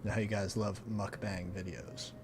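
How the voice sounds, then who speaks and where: A young man hosting a charity livestream, chatting casually with viewers in a laid-back, slangy way that often trails off quietly. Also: on the low side, flat delivery, normal speed, background noise. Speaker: streamer hosting a charity stream.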